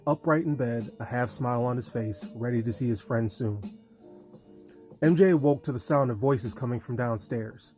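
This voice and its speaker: A man reading a novel aloud in steady storytelling narration. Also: medium pitch. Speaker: audiobook narrator. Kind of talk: scripted narration.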